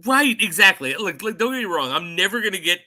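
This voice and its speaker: Lively bright-voiced man joking on a podcast. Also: high-pitched, quick pace. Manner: animated, jokey, self-mocking. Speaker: podcast co-host. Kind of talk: casual podcast chat.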